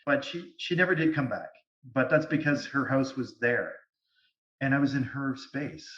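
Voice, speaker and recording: A man speaking as a guest medium, telling stories in an animated way over a video call. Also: medium pitch, normal speed. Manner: animated, lively storytelling. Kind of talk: storytelling interview. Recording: distant, echoey, dull sound.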